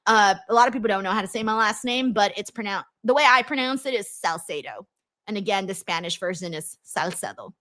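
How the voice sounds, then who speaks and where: A young woman hosting a casual livestream, chatting and reading viewer messages with lots of ums and excited bursts. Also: mid-range voice, fast talker. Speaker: wrestling livestream host. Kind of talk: casual livestream chat, reading super chats.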